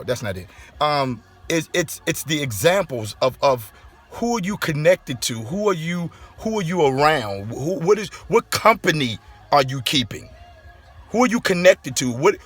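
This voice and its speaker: A middle-aged man, a pastor and author, chatting casually to his viewers on a phone inside a car, repeating his points and getting animated when riled. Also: fairly high pitch, moderate pace, husky, soft background music. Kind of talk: casual vlog talk to viewers.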